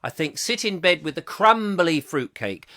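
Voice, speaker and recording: This middle-aged host of a comic live chat show speaks at normal speed with a sharp tone, a fairly high pitch and big swings in it. He reads out viewer comments, rambles with jokes between them and puts on silly voices.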